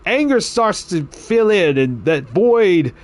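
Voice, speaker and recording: A male game streamer talking casually, his voice fairly high for a man and bouncing widely in pitch. He rambles and chuckles as he tells stories to his chat. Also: slow pace. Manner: rambling, chuckling, animated storytelling.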